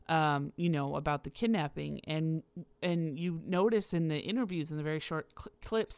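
A woman's voice: low voice, clear, resonant tone, no room sound. A woman hosting a podcast on her own, rambling casually with laughs and frequent fillers. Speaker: podcast host. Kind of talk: casual solo commentary.

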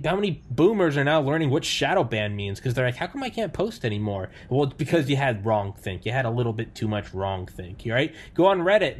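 Animated, profane man in a podcast debate. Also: fairly high pitch. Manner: animated, profane, mocking impressions of others. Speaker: podcast panelist. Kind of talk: heated podcast discussion.

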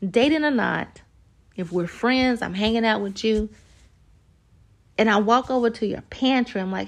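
A woman's voice: medium pitch, normal speed, long pauses. A woman hosting a podcast, talking casually and animatedly about dating and acting out little everyday scenes as she goes. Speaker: podcast host. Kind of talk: casual podcast monologue giving dating advice.

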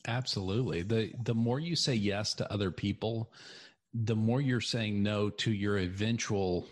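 A man's voice: fairly low pitch, normal speed. A man from West Texas with a faint West Texas accent, hosting a casual podcast chat in a jokey, self-deprecating way. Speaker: podcast host.

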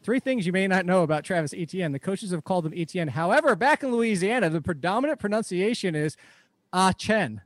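A man's voice: high voice, expressive, fast, few pauses, no echo. A man hosting a fantasy football podcast, chatty and rambling in casual talk. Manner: chatty, rambling, laughs easily. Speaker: podcast host.

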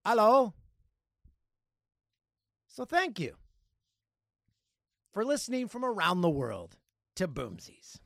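A Canadian man hosting a casual solo podcast, jokey and animated, with loud playful outbursts. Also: high-pitched, a little slow, creaky, long pauses, no echo, studio quality. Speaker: podcast host.

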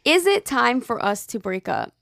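A young woman co-hosting an advice podcast in casual chat, reading listener emails aloud and jumping into animated, high quoted voices. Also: moderate pace, creaky, soft background music. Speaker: podcast co-host.

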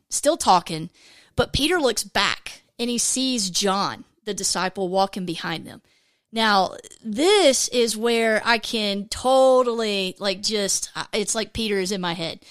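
A woman's voice: on the high side, a bit bright, dry recording, studio quality. A woman giving a casual devotional Bible teaching, candid and self-deprecating, talking in a chatty way full of fillers.

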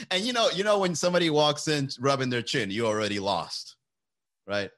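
A man's voice: mid-range voice, normal speed, pauses often, a bit bright. A man hosting a casual live stream, rambling, joking and swearing, and laughing often between lines.

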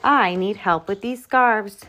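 A woman voicing a kindly shopkeeper sheep in a gentle, fluttery way, in a storybook read-aloud. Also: mid-range voice, slow.

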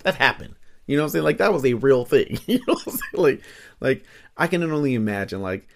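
A man's voice: mid-range voice, big pitch swings, fairly quick, gravelly. A man hosting a solo podcast in a casual, rambling way, laughing often, with lots of fillers and swearing, recorded on a studio microphone. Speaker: podcast host.

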